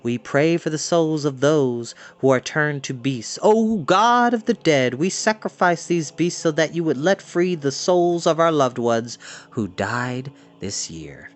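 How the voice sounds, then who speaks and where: Solemn male druid priests chanting a prayer in a storybook reading, as a man puts them on. The voice is slow and measured, lifted a little above the reader's own, with a wide, sing-song rise and fall. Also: fairly high pitch, big pitch swings.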